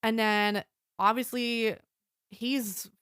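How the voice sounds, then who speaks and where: A woman's voice: fairly high pitch, fairly even intonation, drawn-out words, a bit bright, clean tone, no echo, clean studio sound. A woman co-hosting a podcast, recapping a movie in a rambling, casual way and swearing freely. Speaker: podcast co-host.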